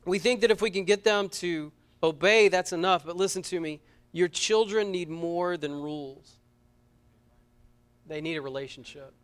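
Guy preaching at church, kinda high voice, gets loud then drops real quiet, repeats his words a lot. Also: normal speed, clear, resonant tone. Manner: earnest, repeats words, swings from loud urgency to hushed close. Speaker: pastor. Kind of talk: sermon. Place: church service.

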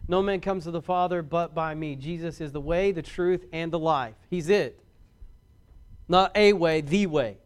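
A man preaching a sermon as a pastor, folksy and rising louder on key points. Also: on the high side, measured pace, clear, resonant tone.

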